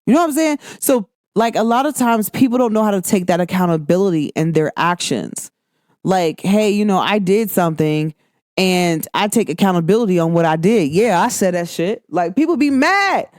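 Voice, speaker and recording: Animated woman podcaster, dry close sound. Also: mid-range voice, moderate pace, no echo. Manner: animated, expressive, acts out quoted lines. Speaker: podcast host. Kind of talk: casual chat.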